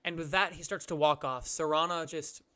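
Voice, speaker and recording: A man running a tabletop game, narrating each scene for his players. His voice is bright and crisp and sits a little high. He backtracks and restarts mid-sentence now and then. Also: fairly even intonation, moderate pace. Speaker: game master.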